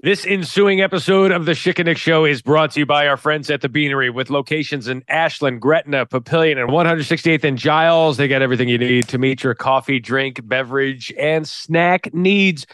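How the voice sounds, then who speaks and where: A man's voice: a little high, brisk, hardly any pauses, a bit bright. A male podcast co-host chatting casually and reading a sponsor ad in an easygoing, wry way. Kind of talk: casual chat and host-read ad.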